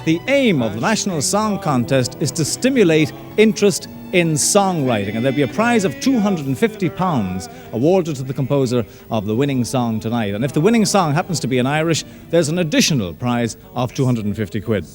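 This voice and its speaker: A man's voice: medium pitch, big pitch swings, a little fast, music in the background. Jaunty male TV contest presenter. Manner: jaunty, addressing the audience directly. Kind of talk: live television presenting.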